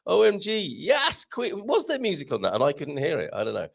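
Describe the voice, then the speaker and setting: A man's voice: fairly high pitch, huge pitch swings, fairly quick, creaky. A man hosting a live stream, chatting with viewers in a giggly, rambling way with plenty of ums. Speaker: host.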